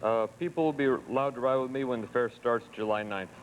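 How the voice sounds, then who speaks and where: A man's voice: medium pitch, fairly quick, rough recording. Tired guy on a satellite link, short plain answers, light hiss. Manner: terse, tired, matter-of-fact answers. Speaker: record-setting guest on satellite link. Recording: satellite feed with faint hiss.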